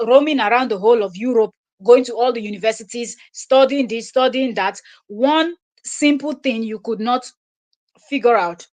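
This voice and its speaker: A woman hosting a live stream, commenting scornfully on clips she plays from another creator. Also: fairly high pitch. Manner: scornful, laughs loudly and mocks. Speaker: live stream host reacting to videos. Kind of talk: commentary on a played video.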